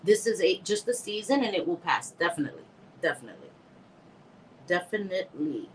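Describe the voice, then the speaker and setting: A woman's voice: on the low side, very animated, brisk, slight background noise, low-quality recording. A middle-aged woman hosting a casual livestream from home on a close phone mic, laughing often, reading comments aloud and dropping in Spanish words. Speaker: livestream host.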